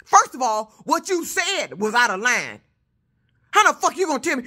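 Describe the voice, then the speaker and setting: A truck driver woman rants in a loud, high voice. She tells her story with heat and plenty of cussing. Her tone is bright and forceful. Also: big pitch swings, normal speed. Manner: loud, heated, profane storytelling. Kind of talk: casual vlog rant.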